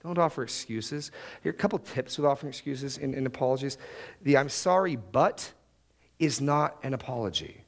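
A man's voice: medium pitch, fairly quick, gravelly. A married man preaching a sermon, acting out the prayers and excuses he quotes. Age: adult, married. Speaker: pastor.

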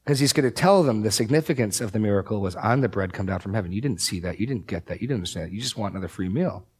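Lively man, low voice, teaching scripture. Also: rapid-fire, slightly rough. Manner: animated, sarcastic asides, mock voices. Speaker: Bible teacher. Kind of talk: casual Bible study discussion.

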